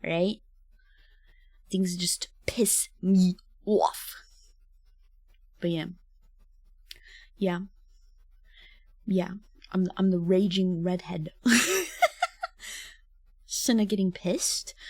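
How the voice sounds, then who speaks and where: A woman's voice: fairly low pitch, little pitch movement, slow, long pauses, darkish tone, no echo, clean studio sound. A woman streamer chatting casually with viewers, rambling and laughing often. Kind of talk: casual livestream chat.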